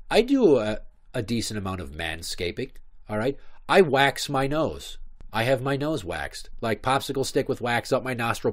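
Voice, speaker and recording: This podcast host, a man in his thirties, has a mid-range, expressive voice and speaks at a moderate pace. His storytelling unfolds as a wandering, foul-mouthed comedic monologue.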